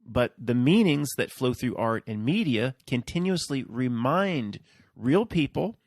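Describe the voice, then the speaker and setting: A man's voice: mid-range voice, sing-song, unhurried, darkish tone, no room sound, clean studio sound. A man hosting his own video, talking in a rambling, casual monologue and often checking in with his listeners. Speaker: video host.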